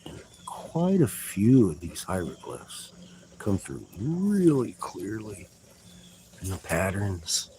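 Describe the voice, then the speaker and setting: A man's voice: sits low, huge pitch swings, slow pace, dark tone, slight background noise, low-quality recording. A man giving a rambling vlog monologue outdoors, swearing often and sounding agitated as he exclaims. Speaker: vlogger. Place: outdoors in a yard.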